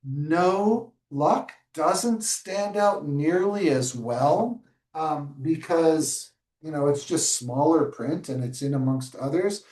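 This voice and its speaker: A man's voice: a little high, slow. Man reading aloud in an echoey room. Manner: animated storybook reading with asides and self-corrections. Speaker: early childhood educator. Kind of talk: modeling a read-aloud in a webinar. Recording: roomy sound, distant from mic.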